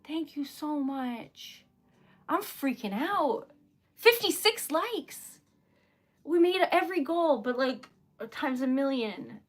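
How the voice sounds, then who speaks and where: A woman's voice: high voice, expressive, takes it slowly. A young woman running a casual livestream for her small business, flustered and giggly as she thanks viewers.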